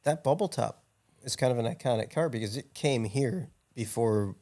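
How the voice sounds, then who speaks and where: A man hosting a casual podcast chat, relaxed and casually profane as he tells a shop story. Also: mid-range voice, normal speed.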